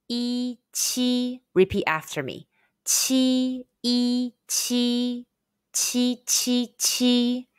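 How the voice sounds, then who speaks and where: A woman teaching a scripted pronunciation lesson, drilling sounds slowly and carefully for learners to repeat. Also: mid-range voice, a bit bright. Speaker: Chinese language teacher.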